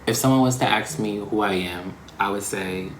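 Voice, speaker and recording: A man hosting his own vlog, talking in a casual, reflective way, slangy and expressive. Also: on the low side, moderate pace, reverberant, slight background noise. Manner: slangy and expressive, breaking into laughs. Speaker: vlog host.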